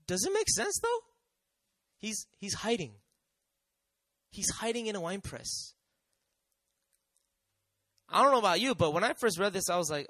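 A man preaching a sermon in a high, bright voice that carries an edge of tension. He swings from loud, emphatic declarations to hushed, conversational asides. The sound is close and dry. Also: moderate pace, long pauses, no room sound. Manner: animated preaching, rising to emphatic declarations and dropping to quiet asides. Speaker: pastor.

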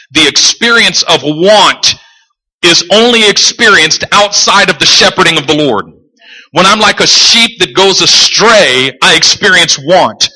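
A man preaching a sermon in a lively, animated way, joking and acting out characters in the stories he tells. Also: fairly high pitch. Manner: animated, jokes and acts out quoted characters. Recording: long hall reverb.

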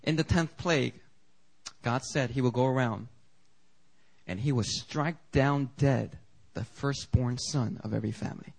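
A man preaching a sermon as pastor in a church, animated and conversational, with quick asides to the congregation. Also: mid-range voice, vocal fry, low-quality recording. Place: church sanctuary.

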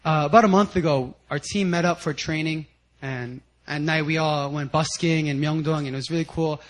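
A man preaching a sermon with personal stories, animated, sometimes shouting out quotes and laughing as he tells them. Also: a little high, normal speed, low-quality recording. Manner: animated storytelling, acts out quotes loudly and laughs. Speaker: guest speaker at a church service.

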